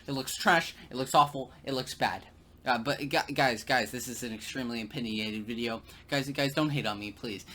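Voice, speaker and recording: Male commentator, sarcastic and halting, faint background hum. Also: mid-range voice, sharp tone. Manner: sarcastic, stammering, repeating words. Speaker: video commentator.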